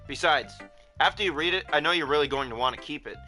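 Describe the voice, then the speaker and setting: A man reading aloud the lines of a shy, obsessive young woman from a visual novel, halting and clingy. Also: fairly high pitch, sharp tone, soft background music.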